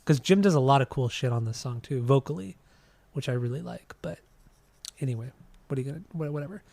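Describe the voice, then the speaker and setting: A man's voice: mid-range voice, expressive, fast, gravelly, a little mellow, dry recording. A young man co-hosting a podcast, talking casually about an album with many restarts and casual swearing. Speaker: podcast co-host. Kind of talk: casual music review chat.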